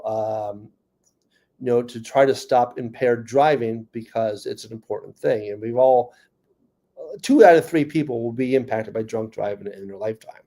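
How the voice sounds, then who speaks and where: A man in his fifties with a New York accent speaks in a medium-pitched, dark-toned voice. He's a comedian and speaker doing a stand-up talk at a conference, joking at first and then turning earnest and personal as he tells his own story to the audience.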